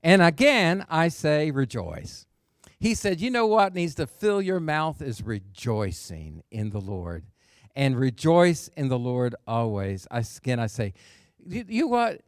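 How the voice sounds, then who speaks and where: A man's voice: mid-range voice, big pitch swings, a little slow, a little mellow, no echo, clean studio sound. A man preaching a sermon as pastor, emphatic, with call-and-response asides and phrase endings that drop to a near whisper.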